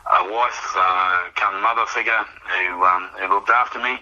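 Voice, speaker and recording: A man's voice: low voice, steady tone, a little slow, sharp tone, lo-fi sound. An older Australian man telling a personal recovery story in a rambling, reflective way, often repeating words as he goes. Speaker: guest sharing recovery story.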